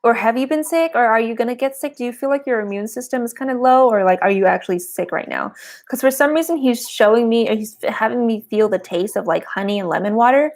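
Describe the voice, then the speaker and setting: A woman's voice: on the high side, fast. A woman giving a live-streamed tarot and oracle card reading, chatty and giggly, with a lot of "like" fillers.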